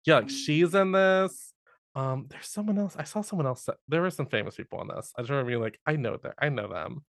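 A man co-hosting a podcast in casual chat, animated and laughing often. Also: fairly high pitch, fast, no echo, studio quality. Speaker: podcast co-host.

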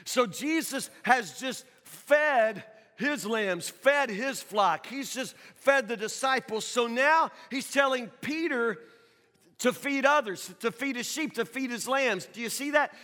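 A man's voice: very high-pitched, lively intonation, takes it slowly, sharp tone. A man preaching a sermon in a conversational, questioning way, repeating his points for emphasis. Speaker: pastor. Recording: long reverb of a large hall.

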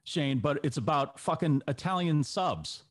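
A man's voice: a little high, lively intonation, unhurried, dry recording, studio quality. Laid-back joking man, podcast co-host. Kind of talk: casual podcast chat.

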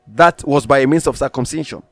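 A man's voice: mid-range voice, fairly quick, gravelly, a bit bright, dry recording, soft background music. A man preaching a sermon, emphatic, repeating phrases for stress and reading scripture aloud in old-fashioned wording.

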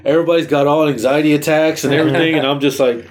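A man's voice: a little high, steady tone, racing. A man, co-hosting a podcast and telling a long story in casual chat, acting out his own reactions and swearing freely. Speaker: podcast co-host.

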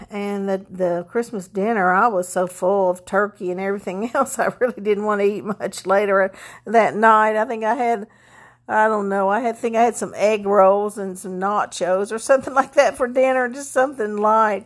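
A woman talks casually to her viewers as a vlogger. She rambles from one thing to the next, filling gaps with ums and starting sentences over. Her voice sits at an ordinary middle pitch. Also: normal speed. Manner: rambling, chatty, many fillers and restarts. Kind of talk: casual chat.

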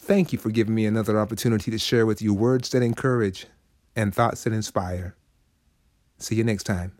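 A man giving a short inspirational Bible talk as host, in a folksy, conversational preaching style with lively quoted voices. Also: on the low side, a little fast, dry recording, clean studio sound.

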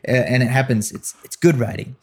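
A young man hosting a podcast, telling a story in a casual, animated way and often breaking into laughter. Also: mid-range voice, heavy background noise. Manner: animated storyteller, quick to laugh, mimics voices. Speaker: podcast host.

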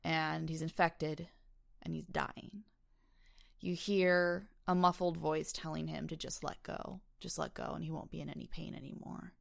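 Woman, gravelly low voice, casual film chat, lively retelling. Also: measured pace. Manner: animated, retells scenes in detail. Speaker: podcast co-host.

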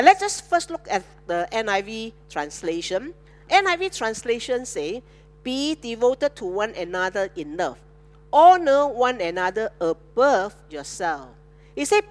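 A woman pastor, preaching a sermon with animated call-and-response to her congregation. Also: medium pitch.

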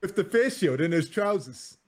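High, lively male doctor telling stories. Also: normal speed. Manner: animated, laughing storyteller. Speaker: doctor and podcast co-host. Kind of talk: casual chat, anecdotal storytelling.

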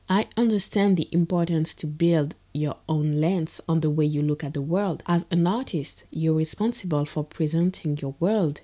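Woman from the Caribbean, deep and warm, earnest scripted film commentary. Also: normal speed, hardly any pauses.

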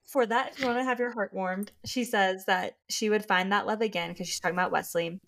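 A woman's voice: medium pitch, steady tone, brisk, fairly bright tone, a little hiss or hum. A young woman co-hosting a book podcast, enthusiastically discussing and reading passages aloud. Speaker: podcast co-host.

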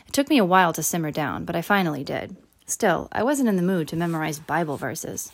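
A woman with a lower, unhurried voice reads a first-person children's story aloud. She narrates steadily and lifts her voice brightly whenever a character speaks. Her storytelling is plain and clear. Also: expressive. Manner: voices characters with raised pitch and louder quotes. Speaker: audiobook narrator.

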